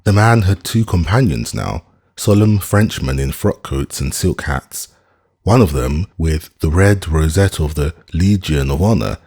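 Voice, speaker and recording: Husky, deep-voiced male narrator for a classic audiobook, expressive and lively in pitch. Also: unhurried. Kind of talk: scripted narration.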